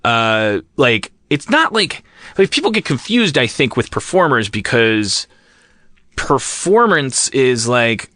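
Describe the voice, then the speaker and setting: A man's voice: mid-range voice, very animated, slow, bright, forceful tone, no room sound. A man hosting a comedy podcast, musing aloud in long, winding digressions into a close studio mic. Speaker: podcast host. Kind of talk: casual comedy podcast chat.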